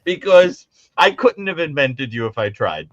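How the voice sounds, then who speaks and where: A man's voice: on the high side, very animated, measured pace, dry recording, highs cut off. A man co-hosting a call-in show as a psychologist, playful, teasing and theatrical as he banters with a caller. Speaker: psychologist co-host.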